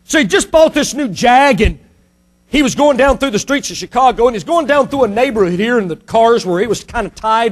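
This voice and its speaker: A man preaching with a notably high voice, building emphatic, repeating lines. He tells a story from the pulpit and drops to near-hush for dramatic points. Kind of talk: sermon with storytelling.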